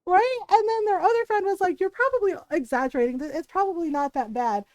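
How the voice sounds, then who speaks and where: A woman's voice: very high voice, fast, a little mellow, no room sound. A woman streamer chatting casually while gaming, animatedly retelling a story, acting out quotes and laughing often.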